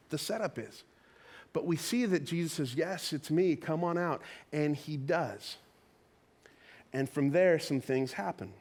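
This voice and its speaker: Brief: male pastor, sermon, chatty storyteller acting out quotes, higher voice. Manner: conversational, animated storytelling with acted-out quotes. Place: church auditorium.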